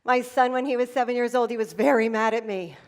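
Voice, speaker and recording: A middle-aged woman giving a motivational keynote at an event, telling stories with dramatic pauses. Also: fairly high pitch. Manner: animated storytelling with dramatic pauses. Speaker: motivational speaker. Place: event hall.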